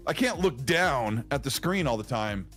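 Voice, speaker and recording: A man co-hosting a podcast, talking in a relaxed, discursive way. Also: mid-range voice, moderate pace, faint music behind. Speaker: podcast co-host. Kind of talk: casual chat.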